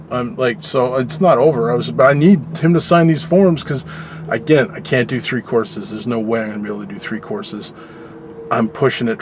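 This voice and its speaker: A man's voice: mid-range voice, a little hiss or hum. Man, vlogger, frustrated rant, volume swings between outbursts and mutters, mid-range voice. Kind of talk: personal vlog monologue.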